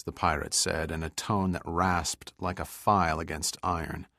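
An American man narrating an audiobook thriller in a measured, even reading. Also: sits low, no room sound, studio quality.

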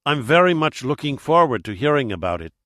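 A man's voice: medium pitch, very animated, brisk, a bit bright, no room sound, studio quality. A man voicing an ingratiating, overly polite man with a Spanish accent.

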